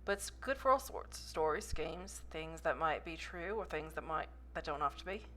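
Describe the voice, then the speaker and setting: A woman reading the lines of a soft-spoken, mysterious man from a story game in a hushed, measured voice. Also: sits low, lively intonation.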